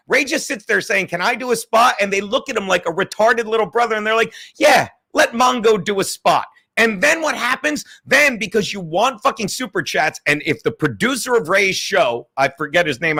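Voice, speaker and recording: High, bright-voiced ranting man. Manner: profane, combative, reading viewer chats aloud. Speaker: livestream host. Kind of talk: ranting livestream monologue.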